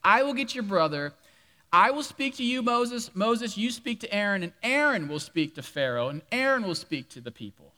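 A man portraying God in slow, measured pronouncements, his voice dropped below his usual bright register. The words ring out under a long hall reverb. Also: high voice, big pitch swings, exaggerated voice. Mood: patient. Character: God, patient and calmly commanding.

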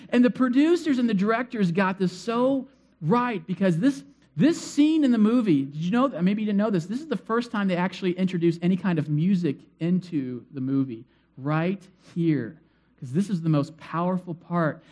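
Animated high-voiced male preacher. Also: normal speed. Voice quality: conversational, animated storytelling with acted-out cries. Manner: asks the congregation questions, repeats phrases for emphasis. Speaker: pastor. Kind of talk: sermon.

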